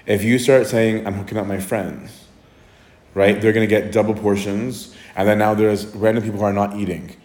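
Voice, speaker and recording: A priest answering questions in a casual, conversational way, often checking in with "right?". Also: male voice, lowish voice, steady tone, brisk, few pauses, darkish tone. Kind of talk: casual Q&A talk. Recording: echoey room.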